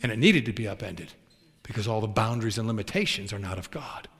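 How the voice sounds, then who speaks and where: Animated preacher in an echoing hall. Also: male voice, lowish voice, quick pace, breathy edge. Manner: animated, folksy storytelling with acted quotes. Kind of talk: storytelling sermon.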